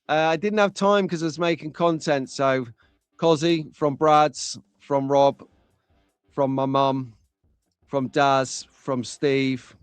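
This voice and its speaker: A man's voice: fairly high pitch, fairly even intonation, takes it slowly, clear, resonant tone, dry recording. A man hosting a casual live stream, chatting and bantering with viewers in the chat. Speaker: livestream host.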